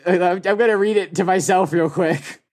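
A man's voice: high-pitched, moderate pace. A man co-hosting a comedy podcast, stumbling and laughing as he reads fan fiction aloud. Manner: lively, stumbling and laughing through the reading. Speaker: podcast co-host.

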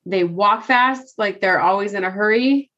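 Laughing readily and thinking out loud, a female podcast co-host chats casually and without restraint. Her mid-range voice is a bit bright at normal speed, and the recording sounds slightly dull and lo-fi.

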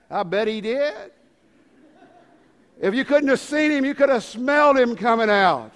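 A man in his fifties preaching a sermon, swinging from loud dramatic calls to hushed low lines. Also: normal speed. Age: 50s. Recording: long hall reverb.

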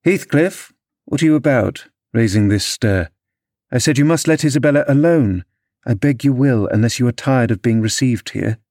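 A man reading an audiobook, voicing a proud, passionate young lady of the manor who speaks in an imperious, sharp way. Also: mid-range voice, expressive, normal speed, breathy edge, no echo, studio quality.

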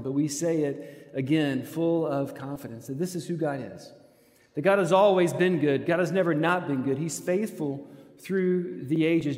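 A male pastor preaching an earnest sermon in a church sanctuary, moving between quiet reflection and emphatic stress. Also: fairly high pitch. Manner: earnest, swinging from soft to emphatic. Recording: long hall reverb.

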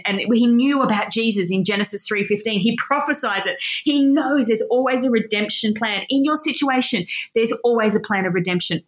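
A woman teaching scripture with enthusiasm, reading passages aloud and breaking in with emphatic, insistent comments. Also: a little high. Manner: passionate and insistent. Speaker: Bible teacher. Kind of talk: Bible teaching.

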